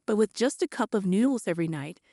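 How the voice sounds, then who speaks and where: A woman's voice: medium pitch, expressive, fast, mellow, dry recording, studio quality. Woman voicing a meek elderly mother. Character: older mother, thin, meek and apologetic.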